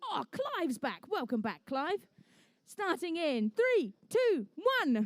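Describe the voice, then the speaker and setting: English woman reffing a competition, high voice, dry close sound, chatty and jokey. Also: sing-song, takes it slowly, dry recording. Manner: playful, chatty, jokey asides. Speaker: referee and match commentator. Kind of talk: live event commentary. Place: indoor competition venue.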